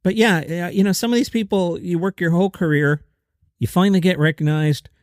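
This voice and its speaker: A man's voice: sits high, brisk, dry recording, studio quality. A man hosting a comedy news podcast, delivering headlines with a sing-song lilt and sarcastic asides. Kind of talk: casual comedic news commentary.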